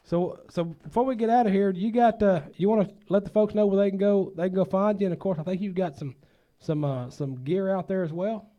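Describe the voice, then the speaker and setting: A man's voice: high voice, highs cut off. Easygoing Texan man hosting a talk show. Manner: easygoing, chuckles often, drawn-out country phrasing. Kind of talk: casual interview chat.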